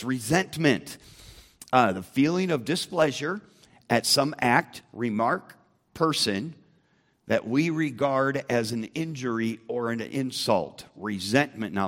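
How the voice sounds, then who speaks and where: A man teaching a Bible lesson to a church group, emphatic and asking the room questions. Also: medium pitch.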